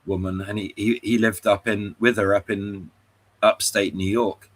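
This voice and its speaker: A man's voice: lowish voice, little pitch movement, moderate pace. A man taking part in a casual panel chat, hesitant and repeating words as he searches for them. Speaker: panel guest.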